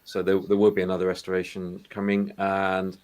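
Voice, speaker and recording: A man's voice: sits low, completely flat delivery, brisk, darkish tone. A man chatting on a video call about restoring toys, hesitant and full of ums. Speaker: toy collecting YouTuber. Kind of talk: casual video call chat.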